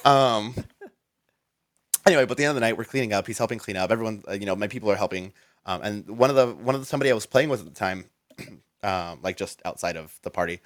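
Male guest, lower voice, loose rambling storyteller, dry recording. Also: quick pace, no room sound. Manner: rambling, full of "like" and restarts. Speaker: interview guest. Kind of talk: casual storytelling in an interview.

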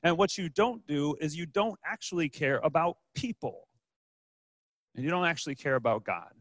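A man's voice: on the high side, animated, moderate pace, a bit bright, no echo. Chatty male pastor preaching a sermon. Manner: informal, joking, frequent fillers and restarts. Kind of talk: conversational sermon.

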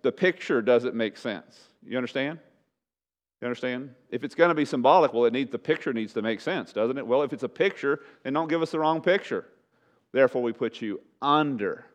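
A man preaching a sermon to a congregation, swinging from loud emphatic lines to hushed pleading and asking them rhetorical questions. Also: medium pitch, normal speed, lo-fi sound. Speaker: pastor.

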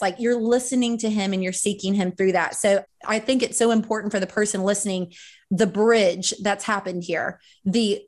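A woman's voice: medium pitch, steady tone, normal speed. A woman hosting a faith podcast, talking in an affirming, chatty way. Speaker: podcast host. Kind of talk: faith-based podcast conversation.

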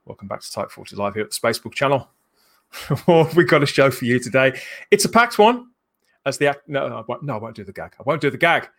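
A man's voice: medium pitch, big pitch swings, fast talker, fairly bright tone. A man from England hosting a live-streamed chat show in a jokey way, chuckling between phrases. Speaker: host.

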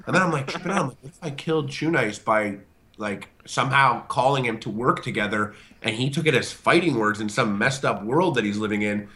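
Bright-voiced man telling a rambling story. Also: mid-range voice, brisk. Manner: animated, acts out quoted voices, many fillers. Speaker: online video show host and guest storyteller. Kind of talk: casual storytelling on a video call. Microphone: video call.

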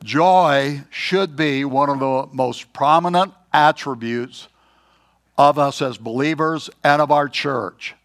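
An older man preaching a sermon in a folksy, joking way, often clearing his throat. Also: a little high, takes it slowly, fairly bright tone.

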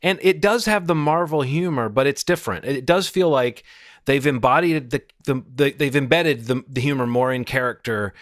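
A man of middle pitch hosts a relaxed podcast conversation, talking with eager energy and often restarting his sentences as he thinks aloud. His voice sits right on the mic in a dry room with no echo. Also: normal speed. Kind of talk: casual chat.

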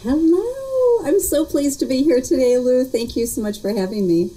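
A woman's voice: high voice, lively intonation, moderate pace, dark tone, husky, rough recording. A woman being interviewed as a guest, cheerful and thoughtful, laughing often. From United States. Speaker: guest, industry vice president. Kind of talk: casual interview chat.

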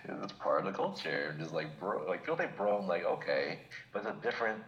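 A man's voice: low-pitched, expressive, normal speed, fairly bright tone, highs cut off. A man from New England, a podcast co-host chatting casually and reflectively, choosing his words with care. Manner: reflective, picks words carefully. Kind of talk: casual chat. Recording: echoey room.

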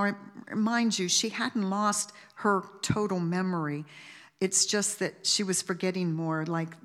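A woman giving a heartfelt memorial tribute, talking in a halting, rambling way with many restarts. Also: medium pitch. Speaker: family member giving a eulogy. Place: memorial service hall. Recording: long reverb of a large hall.

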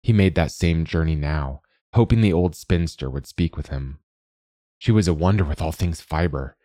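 A man narrating a story at a measured, even pace. His voice is very deep and sounds close and dry, with no room echo.

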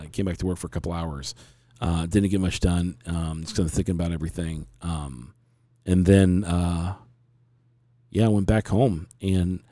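Man, middle-aged, podcast host, frank, rambling, mellow tone. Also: fairly low pitch, no room sound, studio quality. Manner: rambling, frank, with many restarts. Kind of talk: casual talk show storytelling.

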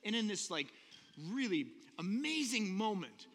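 A man preaching a sermon, telling a story in an animated, joking way with little voices for the characters. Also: sits high, unhurried. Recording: long hall reverb.

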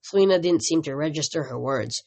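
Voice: medium pitch, animated, brisk, creaky, darkish tone. A reader narrating a novel in the first person, with a plain reading style and occasional stumbles. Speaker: audiobook reader.

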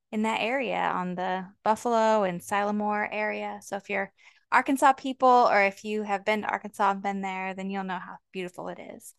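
A woman's voice: mid-range voice, a bit bright, clear, resonant tone, no room sound, studio quality. A woman in her forties co-hosting a podcast, chatting in a rambling way with many ums. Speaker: podcast co-host. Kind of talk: casual chat.

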